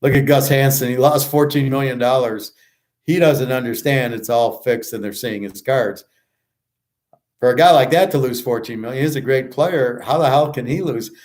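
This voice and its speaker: A man's voice: mid-range voice, darkish tone. Profane, ranting man. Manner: blunt, profane, ranting and scoffing; rambling with many restarts. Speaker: show host and handicapper. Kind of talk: casual monologue.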